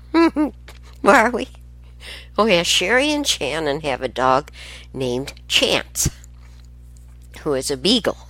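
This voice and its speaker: A woman's voice: rumbling low, fairly bright tone, dry recording. An older woman telling family stories in a casual, rambling way, often laughing and getting sidetracked.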